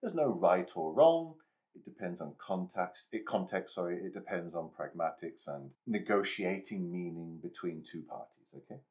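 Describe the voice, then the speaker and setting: English man, very low voice, podcast co-host, jokey, emphatic. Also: animated, normal speed, a little mellow. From England. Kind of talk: casual podcast chat.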